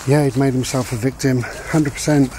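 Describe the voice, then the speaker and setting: A man's voice: medium pitch, fairly even intonation, moderate pace, dark tone, a little hiss or hum. Reflective man rambling outdoors. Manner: reflective, repeats his key points. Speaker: vlogger giving life advice. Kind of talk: casual rambling monologue. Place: outdoors walking a dog.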